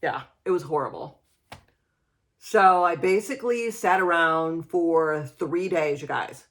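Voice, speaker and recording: Woman, knitting host, casual chat, unhurried, lower voice, lots of fillers. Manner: chatty, animated storytelling with many fillers.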